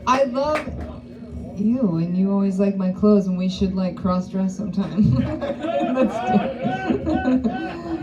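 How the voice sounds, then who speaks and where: A woman's voice: mid-range voice, lively intonation, slow pace, pauses often, dull audio. A woman doing a live stand-up set, chatty and profane, coaxing the audience. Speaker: stand-up comedian. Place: live comedy venue. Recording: live venue with clear background noise.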